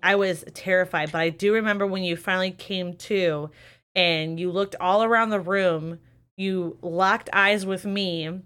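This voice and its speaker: A young woman hosts a casual podcast, speaking in a fairly low voice. She tells family stories candidly, with plenty of emotion and casual swearing. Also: fairly even intonation, measured pace, fairly bright tone, clear, resonant tone. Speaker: podcast host. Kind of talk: casual chat. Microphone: webcam or desk mic on a live stream.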